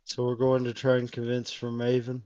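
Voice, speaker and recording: A man's voice: medium pitch, monotone, normal speed, warm tone, clean tone, no room sound, highs cut off. A man playing a tabletop game, speaking hesitantly in character. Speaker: player. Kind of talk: in-character tabletop role-play.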